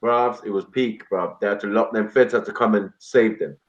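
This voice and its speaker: A man's voice: on the low side, steady tone, normal speed. A man, chatting casually on a stream and telling stories in slang. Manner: storytelling, slangy. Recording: dull, muffled audio.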